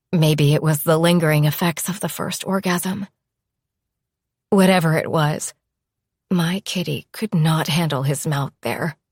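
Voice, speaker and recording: A woman narrating a first-person audiobook in a soft, often whispered, unhurried delivery. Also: low voice, no room sound, clean studio sound.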